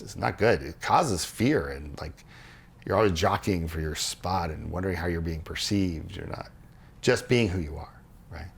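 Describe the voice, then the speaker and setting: A man on a podcast, explaining ideas earnestly in casual conversation and acting out quoted dialogue as he goes. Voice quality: low gravelly voice, husky. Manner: earnest, animated storytelling with restarts and quoted dialogue. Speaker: podcast co-host explaining religious history.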